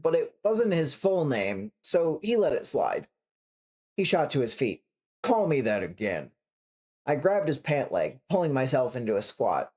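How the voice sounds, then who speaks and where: Lady reading out a story, lively voice going up and down, takes her time. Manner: animated, voices the dialogue with big pitch swings. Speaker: reader on a writing prompt stream. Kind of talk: reading a story aloud, then casual chat.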